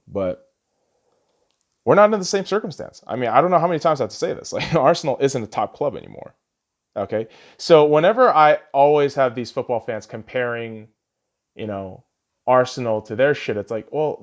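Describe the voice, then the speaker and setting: Animated, sweary man ranting about football. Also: medium pitch. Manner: swears constantly, sarcastic, laughs at his own jabs; rambling with restarts, gets loud when ranting. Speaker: podcast host. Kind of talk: casual profane football rant.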